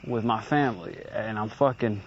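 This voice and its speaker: A man's voice: lowish voice, normal speed, dull audio, a little hiss or hum. A man in his late twenties venting in a profane, agitated rant, recorded outdoors on a handheld recorder. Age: late 20s.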